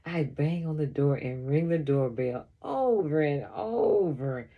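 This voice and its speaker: A woman reads a children's chapter book aloud, unhurried and expressive. Her voice sits a little low and is husky, with a tune that rises and falls widely. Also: phone-quality sound. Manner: expressive first-person storytelling. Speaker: storybook reader.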